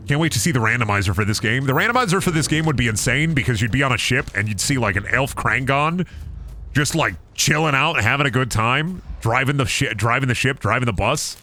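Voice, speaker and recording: A man's voice: on the high side, sharp tone. A man streaming a game, riffing jokingly to his chat with plenty of swearing. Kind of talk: casual gameplay commentary.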